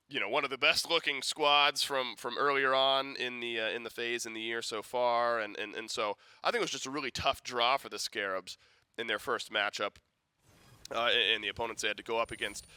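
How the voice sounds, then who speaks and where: Guy doing esports desk analysis, super bright voice, dry close mic. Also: mid-range voice, clean tone, no echo. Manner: conversational, many restarts and fillers.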